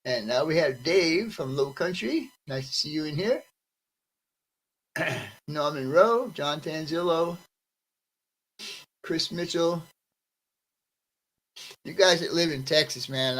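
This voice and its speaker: A man's voice: mid-range voice, fairly bright tone, poor audio. A man hosting a live stream, greeting his viewers one by one by name in a friendly, casual way. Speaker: livestream host greeting chat. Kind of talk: casual livestream chat.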